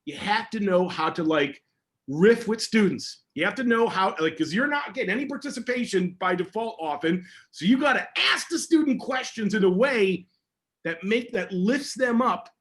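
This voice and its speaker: Excitable high-voiced man, fast and animated. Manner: energetic and emphatic, excitable. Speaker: security educator answering audience questions. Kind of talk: casual online AMA talk.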